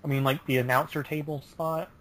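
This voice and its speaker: A man's voice: a little high, level tone, a little fast, fairly bright tone, slight background noise, poor audio. A man on a casual panel chat, laid-back, peppering his talk with "I mean".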